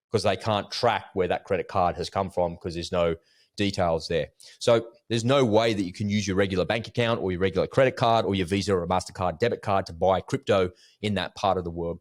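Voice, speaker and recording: Male podcast co-host, low voice, animated storyteller, dry close sound. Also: no room sound. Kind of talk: casual podcast chat.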